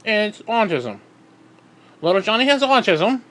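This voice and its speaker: Man with a high voice, sarcastic heated vlog rant, swears nonstop. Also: sing-song, unhurried, fairly bright tone. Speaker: vlogger. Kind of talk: profane ranting monologue.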